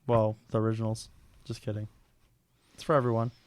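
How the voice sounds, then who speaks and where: Excitable young man, smooth and dry. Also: on the low side, fairly quick, no room sound. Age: young adult. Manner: excitable, laughs often, swears casually. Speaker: podcast host. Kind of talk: casual podcast chat.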